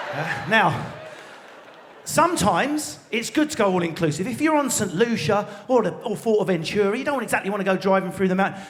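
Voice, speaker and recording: An English man with an Essex accent doing a live stand-up routine in a large theatre, ranting fast with lots of swearing and sudden shouts. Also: high voice. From England. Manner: rapid, swearing, mock-outraged rants with frequent shouting. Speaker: stand-up comedian. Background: audience laughter.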